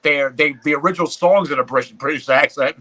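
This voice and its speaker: A man co-hosts in a casual way, questioning his partner and pushing back on his points. His voice is bright and forceful, at a mid pitch. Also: quick pace, poor audio. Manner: questioning, pushes back in a friendly way. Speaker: reaction video co-host. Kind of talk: casual reaction commentary.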